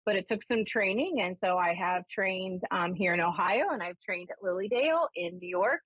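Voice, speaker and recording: A woman medium talks in a chatty, storytelling way on a live call-in show. Her voice sits at a middle pitch. The sound is dry and close, but dull and lo-fi like an old broadcast. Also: dry recording. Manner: chatty storyteller, animated when quoting herself. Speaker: spiritualist minister and medium.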